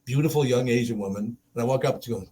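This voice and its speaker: A man's voice: mid-range voice, fast, mellow, husky. Rambling, laughing male radio host. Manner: rambling storyteller, laughing, mimics voices. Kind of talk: casual studio chat. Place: radio studio.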